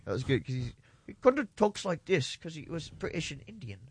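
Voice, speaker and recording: A man's voice: a little high, sing-song, a little fast, breathy edge. A man in casual chat among friends, eagerly calling out requests and laughing often.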